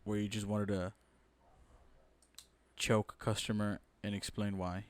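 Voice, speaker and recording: A man co-hosting a casual chat show, reading out audience questions in a relaxed way. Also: lowish voice, a little slow, no echo. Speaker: podcast co-host.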